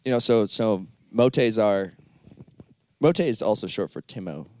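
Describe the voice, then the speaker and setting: A man with a lowish voice chats loosely as host, laughing easily and dropping casual swears. The sound is dry and close, with no room around it, and his stories wander. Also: animated, measured pace, darkish tone, no echo. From United States. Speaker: podcast host. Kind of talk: casual chat.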